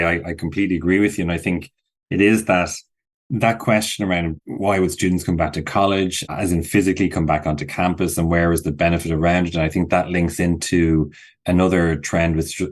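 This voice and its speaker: A man, a university skills director, speaking thoughtfully as a podcast guest and often restarting his sentences. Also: low-pitched. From Ireland. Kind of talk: podcast interview.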